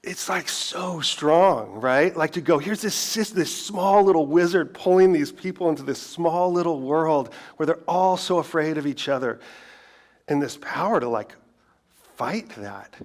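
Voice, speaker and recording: A man's voice: fairly high pitch, a little slow. A middle-aged man preaching a sermon as pastor, in a conversational way, full of rhetorical questions and self-deprecating asides.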